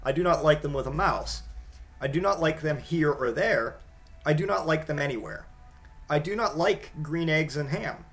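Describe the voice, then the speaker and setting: A man reading aloud as a grumpy, stubborn man who keeps refusing, in a flat sing-song picture-book cadence. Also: on the high side, normal speed, faint music behind. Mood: stubborn refusal.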